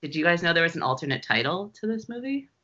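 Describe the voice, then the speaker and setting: Giggly bright-voiced woman host. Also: fairly low pitch, very animated, quick pace. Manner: giggly, chatty, asks the others questions. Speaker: podcast host. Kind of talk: casual chat. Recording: dull lo-fi audio.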